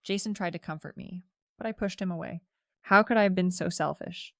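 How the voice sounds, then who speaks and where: A woman tells a scripted first-person story in a steady, reflective voice. Her tone is low-pitched with a gravelly edge, and the sound is dry and close. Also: a little fast, dry recording. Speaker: narrator.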